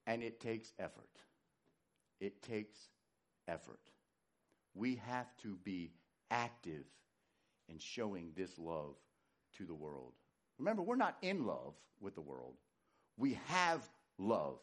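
A man preaching a sermon, animated, swinging from loud emphatic lines to hushed low ones. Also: unhurried. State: winded. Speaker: pastor.

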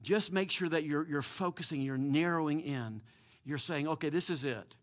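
A male pastor delivers a sermon in a fairly high voice. He preaches with animated emphasis, stumbling over repeated words and restarting his sentences. A chuckle slips in now and then. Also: brisk.

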